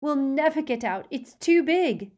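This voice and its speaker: A woman reading aloud voices a frantic teenage girl witch who shouts in a shrill, urgent way. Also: lively intonation, unhurried. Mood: alarmed.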